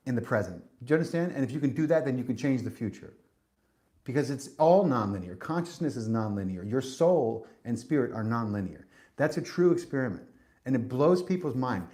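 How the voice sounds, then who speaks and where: A man's voice: mid-range voice, darkish tone. A man hosting a podcast, delivering a spiritual monologue in an emphatic, preachy way, cursing and restarting often. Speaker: podcast host.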